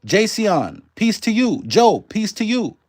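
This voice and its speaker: A man's voice: high voice, very animated, takes it slowly, noisy background. A man with a mixed New Orleans and Canadian accent hosting a live stream, loose and chatty, swearing freely and greeting viewers by name. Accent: mix of New Orleans and Canadian. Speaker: livestream host. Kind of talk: casual live-stream commentary.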